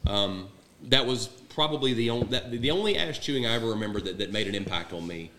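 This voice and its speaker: A man's voice: lowish voice, expressive, fast talker, bright, forceful tone, slight background noise. A middle-aged man, a retired Marine platoon sergeant, telling war stories in a blunt, profane, candid way. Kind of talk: casual war storytelling. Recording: echoey room.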